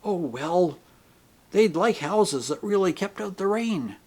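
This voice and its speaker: A nervous, secretive man leans in and confides in a hushed voice, his pitch darting up and down, as a man reads him in an audiobook. He sounds jumpy and guarded. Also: expressive, takes it slowly, exaggerated voice. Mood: furtive. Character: furtive, fearful man whispering on a bus. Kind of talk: audiobook character reading.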